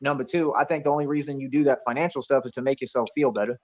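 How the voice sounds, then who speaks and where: A man's voice: medium pitch, fairly even intonation, racing, highs cut off. A man ranting in a rambling, boastful, accusatory way on a livestream, repeating himself as he goes. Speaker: streamer being reviewed.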